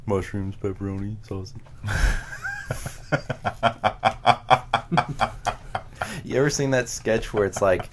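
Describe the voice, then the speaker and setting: Very deep-voiced joking podcast man. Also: wildly swooping pitch, slight background noise. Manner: loud, profane, quick jokes. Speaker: podcast co-host, quiz contestant. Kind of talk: casual joking banter.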